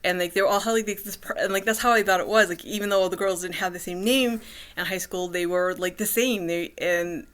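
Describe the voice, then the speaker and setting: A woman talks straight to the camera in a loose personal vlog. Her voice is bright and forceful and sits fairly low. She rambles, restarts her sentences and fills gaps with "um" and "like.". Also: steady tone, brisk. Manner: rambling, many fillers and restarts. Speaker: vlogger.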